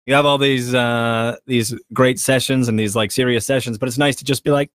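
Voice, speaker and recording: A man's voice: mid-range voice, fairly bright tone, clear, resonant tone, no echo, studio quality. Giggly man full of fillers. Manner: giggly, halting with many fillers. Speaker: tabletop player. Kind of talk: casual chat. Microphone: video call.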